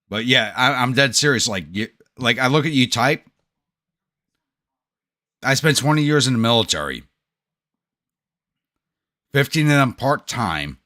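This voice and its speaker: A man's voice: mid-range voice, sharp tone. A middle-aged man with a New York accent, chatting bluntly and profanely with his livestream viewers. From United States. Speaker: livestream gaming host. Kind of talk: casual chat with stream viewers.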